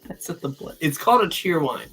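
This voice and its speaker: A man's voice: on the high side, animated, fairly quick, pushed and bright, rough recording. An American man co-hosting a live fan podcast, playful and giggly in casual chat. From United States. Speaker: podcast co-host.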